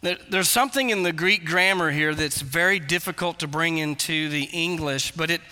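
A man's voice: fairly high pitch, normal speed, pushed and bright, clean tone, in a large hall. A male pastor preaching a sermon, earnest and explanatory, with emphatic repetitions.

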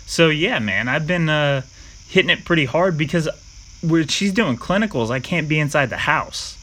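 A young man chatting casually, an animated storyteller who swears freely, with background hiss on the recording. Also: fairly high pitch, normal speed, low-quality recording. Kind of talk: casual chat.

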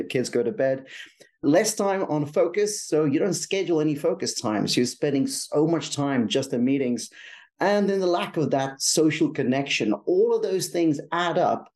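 A man's voice: mid-range voice, a little mellow. A man with a South African accent, talking through workplace research in an enthusiastic, explanatory way on a podcast. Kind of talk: podcast conversation.

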